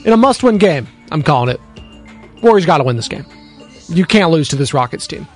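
A man's voice: a little high, very animated, fairly quick, faint music behind. A man hosting a sports radio show, talking in a sarcastic, rambling monologue that drifts into tangents, recorded at a studio microphone. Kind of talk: opinionated sports talk monologue.

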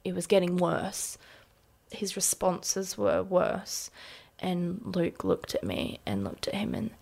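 A woman in her thirties with an Australian accent, casually telling a personal story in an interview with lots of "like" fillers and a hushed voice at times. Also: fairly low pitch, big pitch swings, takes it slowly, gravelly, breathy edge. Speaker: interview guest.

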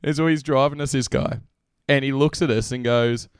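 A young man, telling animated stories in a casual podcast chat and swearing often. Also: medium pitch, moderate pace, clear, resonant tone, no room sound, studio quality. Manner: animated storytelling, swears a lot, laughs often. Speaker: podcast co-host.

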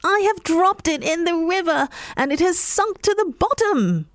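Storybook part: a woman doing a timid female cat, high and panicky, dry close sound. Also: expressive, normal speed, no echo. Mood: panicked. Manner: high-pitched frightened cries.

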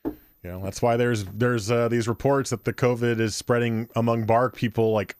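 Man, podcast co-host, casual chat, chatty and laughing, mid-pitched voice, dry close sound. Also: little pitch movement, moderate pace, a little mellow, clear, resonant tone, no room sound. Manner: chatty, laughs often, leads segments.

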